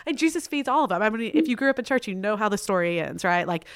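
A woman hosting a conversational podcast who tells stories with energy and slips into the voices of the people in them. Her delivery is chatty and full of "like", and her voice has a middling pitch. The sound is dry and close, with no room echo. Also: fast. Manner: animated storyteller, acts out the people in her stories; chatty, uses many fillers like "like". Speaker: podcast host. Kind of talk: conversational interview.

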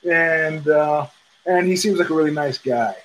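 A middle-aged podcast host rambles through casual fight commentary in a halting monologue full of fillers, restarts and curses. His voice is a little high and a bit bright, and the audio is poor.

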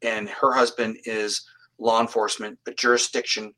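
A man's voice: on the low side, flat delivery, normal speed, pushed and bright, poor audio. Earnest, plain-spoken man telling stories. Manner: earnest, plain-spoken, restarts his phrases. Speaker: psychic medium guest. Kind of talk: storytelling in an interview.

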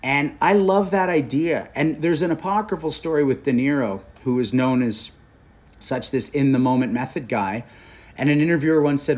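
A man in his forties from Canada tells stories as an interview guest. His voice sits at a middle pitch, and he talks in an animated, candid way. The talk stays loose and conversational. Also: moderate pace. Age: 40s. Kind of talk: casual storytelling conversation.

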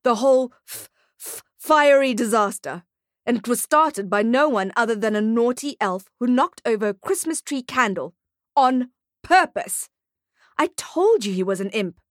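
A man's voice: extremely high pitch, expressive, moderate pace, no room sound, studio quality. A woman voicing a blustering, emphatic male mall manager in an audiobook.

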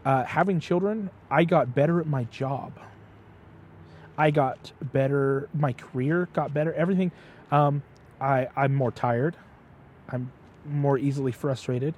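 A man's voice: medium pitch, unhurried, a little hiss or hum. A man in casual conversation, a father telling stories animatedly and acting out the quotes. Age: adult father. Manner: animated storyteller, acts out quotes. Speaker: podcast guest. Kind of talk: casual chat.

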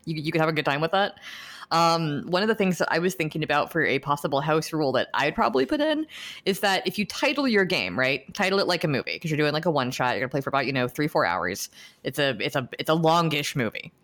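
A woman's voice: deep voice, very animated, quick pace, fairly bright tone. Enthusiastic woman rambling on a podcast. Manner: enthusiastic, rambling, many restarts. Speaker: podcast co-host. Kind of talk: casual podcast chat.

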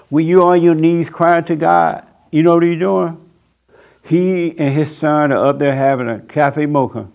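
A man's voice: on the high side, fairly even intonation, unhurried, gravelly, a little mellow. A man preaching a sermon in a blunt, mocking, emphatic way.

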